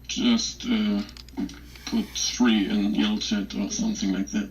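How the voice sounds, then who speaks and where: A man's voice: on the low side, flat delivery, slow pace, slight background noise. A man chatting in a game raid's voice channel in a laid-back, joking way. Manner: laid-back, laughs between remarks. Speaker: raid player. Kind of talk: casual voice chat while gaming. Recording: muffled voice-chat audio.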